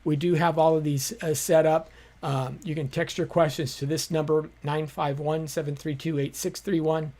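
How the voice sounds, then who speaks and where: A man's voice: fairly high pitch, level tone, moderate pace, a little mellow. A man hosting a live-streamed teaching show, explaining his points in a conversational way with frequent fillers.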